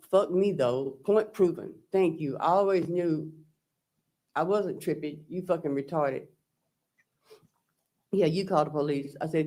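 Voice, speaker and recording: A man's voice: fairly high pitch, darkish tone. A man testifying as a trial witness, recounting text messages and quoting what was said. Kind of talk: courtroom testimony.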